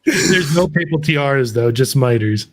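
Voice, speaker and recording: A man's voice: medium pitch, expressive, unhurried. Wry man with a mid-range voice. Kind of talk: casual chat.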